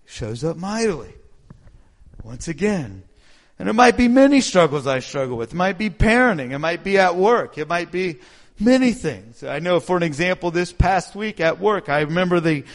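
A middle-aged man preaching an informal testimony in a fairly high voice. He talks with lively energy, throws questions out to his listeners and acts out his own prayers and worries.

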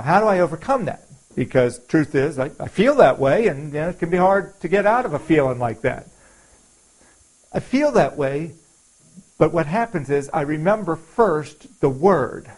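A man's voice: on the high side, lively intonation, a little slow, long pauses, darkish tone, low-quality recording. A man preaching a sermon in an earnest, confessional way, quoting scripture and repeating phrases for emphasis.

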